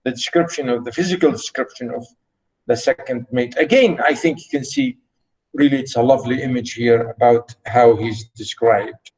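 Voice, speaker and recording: A male literature teacher explaining a play in a lecture, halting, with many fillers and restarts. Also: mid-range voice, animated, darkish tone, poor audio. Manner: halting, full of fillers and restarts, repeats himself.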